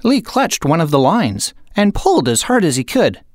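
A woman narrator reading a children's picture book aloud in an expressive, unhurried way. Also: low-pitched, no echo, studio quality. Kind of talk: storybook read-aloud.

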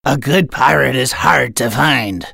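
A woman voicing a gruff, stern but kindly male pirate captain in a read-aloud storybook. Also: extremely low pitch, measured pace, a bit bright, no room sound, clean studio sound, exaggerated voice.

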